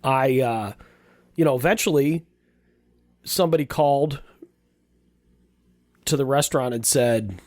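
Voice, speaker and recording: A man's voice: mid-range voice, unhurried, pauses often, a little mellow, no room sound, clean studio sound. A man in his fifties, a podcast host telling a personal story in a casual, rambling way, with many restarts and repeated words. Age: 50s.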